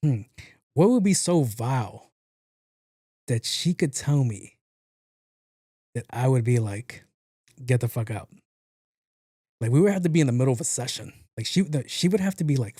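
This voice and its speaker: A man riffs through casual podcast commentary, full of swearing, jokes and repeated words. His voice is mellow and warm. The sound is dry and close. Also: mid-range voice, animated, moderate pace, pauses often, slightly rough, no echo. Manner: profane, joking, repeats himself. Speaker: podcast host.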